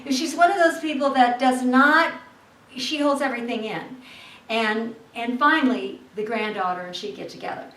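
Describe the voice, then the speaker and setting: A woman, an actress guest on an interview show, telling stories in a lively way and acting out the people in them. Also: on the high side, normal speed. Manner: lively, acts out the people in her story. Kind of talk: animated anecdote telling. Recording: roomy, distant mic, faint hiss.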